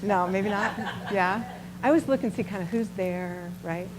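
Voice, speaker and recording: A middle-aged woman giving a storytelling talk to a live audience, chatty and animated, often asking the listeners questions. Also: mid-range voice, normal speed, poor audio. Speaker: nonprofit founder giving a talk.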